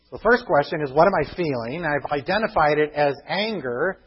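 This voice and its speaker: A man preaching a sermon as pastor, earnest and emphatic, dropping to a hushed tone on key points. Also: a little high, animated, brisk, hardly any pauses, slightly rough, muffled recording.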